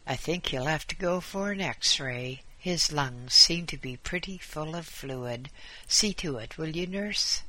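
A man's voice: fairly high pitch, lively intonation, measured pace, sharp tone, no room sound, full character voice, poor audio. A man voicing a curt, condescending male doctor in a storybook reading.

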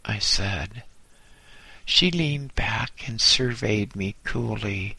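Measured man narrating a book, low gravelly voice, slow. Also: pushed and bright, no echo. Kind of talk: audiobook narration.

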